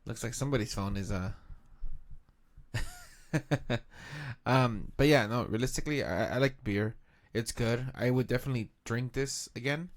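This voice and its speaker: A man co-hosting a beer-tasting podcast, talking in a laid-back, hesitant way with many pauses and ums. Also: mid-range voice. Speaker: podcast co-host. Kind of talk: casual beer-tasting chat.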